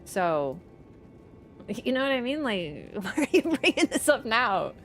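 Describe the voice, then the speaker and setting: A woman livestreamer in casual chat, animated and teasing toward viewers and swearing casually. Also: on the high side, measured pace, faint music behind.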